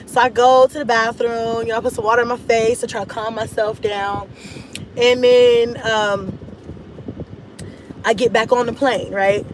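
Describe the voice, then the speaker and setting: High-voiced woman telling a dramatic story. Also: moderate pace, slight background noise, low-quality recording. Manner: animated, dramatic retelling with laughs and voiced-out inner thoughts. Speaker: mom vlogger. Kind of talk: casual storytime chat.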